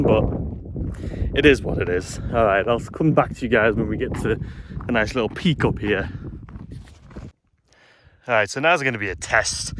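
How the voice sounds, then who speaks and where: Breathless man vlogging on a hike. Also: medium pitch. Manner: chatty, frustrated, self-deprecating. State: slightly out of breath. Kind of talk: casual vlog narration while hiking. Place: outdoors on a windy mountain trail. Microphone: phone camera held while walking. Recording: faint wind noise outdoors. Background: wind noise.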